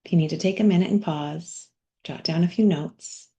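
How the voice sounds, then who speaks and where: A middle-aged woman coach leading a guided body practice in a workshop, speaking gently with soft, near-whispered asides. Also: deep voice, normal speed.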